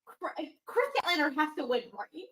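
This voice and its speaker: A woman's voice: sits high, big pitch swings, brisk, a bit bright, reverberant, low-quality recording. A woman co-hosting a wrestling podcast, chatting casually and rambling through restarts and fillers. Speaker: podcast co-host.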